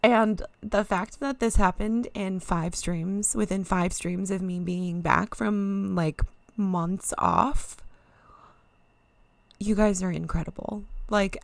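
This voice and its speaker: Woman streamer thanking chat, kinda teary and rambly, bit of vocal fry, dry close mic. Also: medium pitch, dry recording. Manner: emotional, thanking viewers warmly, rambling. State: teary, near crying. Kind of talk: casual live-stream chat.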